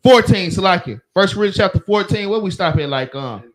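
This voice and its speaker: A man with a Southern US accent leads a religious class in a casual teaching chat, laughing as he tells loose, slangy work stories. His voice sits high, with lively intonation and a fairly quick pace.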